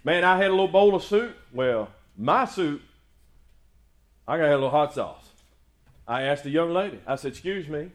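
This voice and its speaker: High-voiced preacher, emphatic. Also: male voice, moderate pace. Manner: emphatic preaching, rising loud on praise lines, folksy storytelling asides. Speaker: pastor. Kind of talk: sermon.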